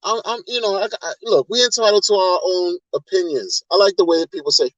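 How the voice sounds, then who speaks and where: A man's voice: high voice, fairly quick, hardly any pauses, a bit bright, no room sound, dull audio. A man hosting a casual livestream, talking in a rambling, repetitive way and sounding exasperated as he rants to viewers. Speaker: crypto livestream host.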